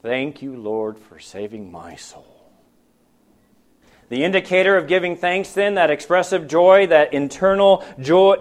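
A man preaching a sermon, posing questions to the congregation and swinging between loud, emphatic lines and hushed, quiet ones. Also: sits high. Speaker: pastor.

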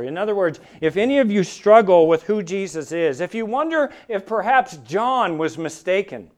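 A man's voice: a little high, clean tone. A man preaching a sermon, with emphatic delivery that swells and drops for dramatic effect. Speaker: pastor.

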